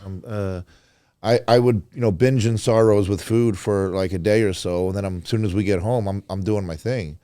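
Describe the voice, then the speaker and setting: A man guesting on a podcast, speaking candidly about his sport and slipping into lively quoted voices. His tone is warm and mellow, with a dry, close studio sound. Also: on the low side, moderate pace, clean tone, no room sound. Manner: candid, swears, quotes others in animated voices. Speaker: podcast guest, pro bodybuilder. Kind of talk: casual podcast chat.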